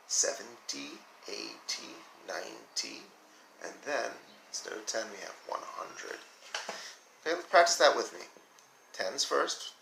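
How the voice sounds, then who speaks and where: A man with a low, gravelly, bright-edged voice gives a recorded counting lesson to young children. He is patient and counts aloud slowly with them, his pitch moving widely. The room is echoey, with a faint hum of ambience behind him. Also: lively intonation. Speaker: teacher.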